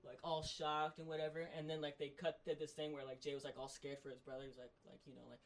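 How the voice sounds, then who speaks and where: A man co-hosting a podcast, excitedly recapping a story in a loose, rambling way full of fillers. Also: on the high side, quick pace, few pauses. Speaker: podcast co-host. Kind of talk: casual chat.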